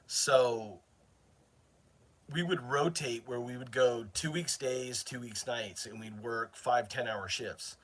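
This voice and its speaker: A man's voice: mid-range voice, a bit bright. A middle-aged man from northern Maine, hosting his channel and telling a long, rambling story to his viewers. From northern Maine, USA. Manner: rambling, chatty, self-interrupting. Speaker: channel host. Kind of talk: casual storytelling to a live chat.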